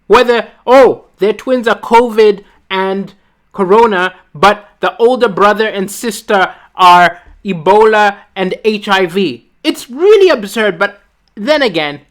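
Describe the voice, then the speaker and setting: A woman from Malawi performs a stand-up set from her home. She tells her stories in a quick, animated way, with frequent asides. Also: medium pitch. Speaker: stand-up comedian. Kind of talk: stand-up comedy. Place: at home, alone.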